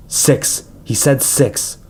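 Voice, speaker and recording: A man's voice: extremely slow, darkish tone. A man voicing a hurt, frightened teenage girl who speaks in a pleading, breathless way. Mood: gasping.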